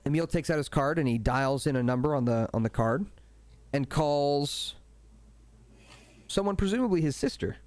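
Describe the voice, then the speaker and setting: A man narrating a tabletop game as game master, relaxed and casual with frequent asides. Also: fairly high pitch, normal speed, long pauses, dry recording.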